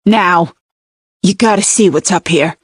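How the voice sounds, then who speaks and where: A man's voice: high-pitched, measured pace, husky, no echo, clean studio sound. A woman doing a shaken young cop. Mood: urgent. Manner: urgent, shaken. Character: young, nervous male police officer. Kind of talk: audiobook character reading.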